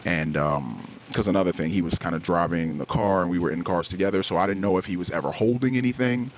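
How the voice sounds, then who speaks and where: A middle-aged man hosting a podcast, telling a personal story in a candid, halting way, often restarting and searching for words. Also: low voice, slight background noise. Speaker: podcast host. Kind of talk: personal confessional podcast monologue. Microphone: podcast microphone, self-recorded.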